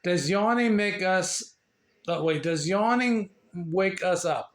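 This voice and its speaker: A man reads a children's picture book aloud at a slow, careful pace. His voice sits a little high, and he stumbles and restarts over words as he goes. The room rings with noticeable echo. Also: a bit bright. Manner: slow, halting reading with slips and asides. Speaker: reader sharing a book. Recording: echoey room.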